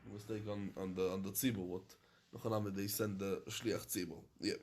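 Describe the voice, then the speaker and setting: A rabbi teaching a Talmud class to students, chanting the Aramaic text and then explaining it in English, often halting and repeating himself. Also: male voice, lowish voice, level tone, darkish tone, slight background noise. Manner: halting, with frequent restarts and repetition. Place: study hall in London.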